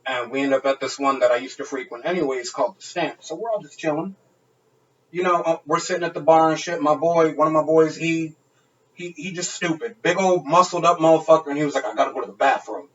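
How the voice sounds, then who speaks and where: A man's voice: on the high side, fairly even intonation, brisk, a bit bright, far from the mic, muffled recording. A man on a podcast telling a wild night-out story in casual, profane, laughing chat. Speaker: podcast co-host.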